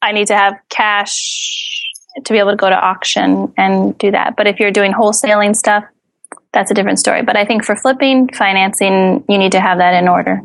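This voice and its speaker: A woman's voice: mid-range voice, fairly even intonation, fairly quick, gravelly, no echo. A woman answering interview questions as a house flipper, earnest and candid with a dry sarcastic streak.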